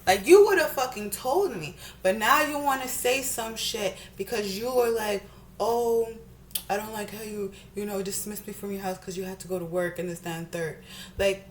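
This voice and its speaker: A woman's voice: mid-range voice, slight background noise. Woman ranting while doing makeup. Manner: fast, profane, repeats herself. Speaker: beauty vlogger.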